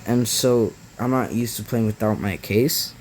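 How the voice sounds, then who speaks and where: A man's voice: fairly low pitch, unhurried. A young man rambling in a casual, filler-heavy rant, often frustrated and saying bro, through a muffled mic. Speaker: gaming YouTuber. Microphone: muffled mic blocked by device case. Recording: muffled audio with faint background noise.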